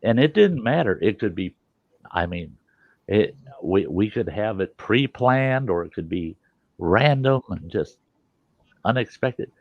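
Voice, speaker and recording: Low, gravelly man, casual storytelling host, cusses freely, dry lo-fi sound. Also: animated, a little slow, dry recording. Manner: salty, swearing, rambling anecdotes.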